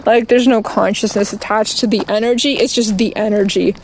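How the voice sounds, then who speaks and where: A woman streaming outdoors, delivering a rambling, profane rant and quickly getting angry. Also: medium pitch, fairly even intonation, slight background noise, low-quality recording. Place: outdoors, walking past litter and traffic.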